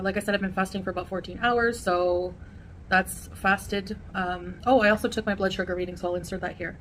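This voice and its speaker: A woman vlogger chatting casually to her viewers while eating a meal, rambling and pausing to chew. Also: mid-range voice, slight background noise. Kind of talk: casual eating vlog chat.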